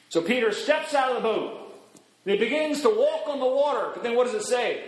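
A middle-aged man preaching a sermon as a pastor, animated, swinging his pitch up and down as he acts out quoted voices. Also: normal speed, reverberant, low-quality recording.

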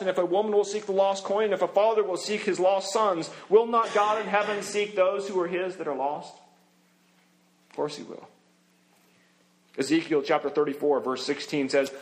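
A man with a high-pitched voice delivers a sermon as pastor. He preaches earnestly, slowing down and sinking low as he finishes each scripture line.

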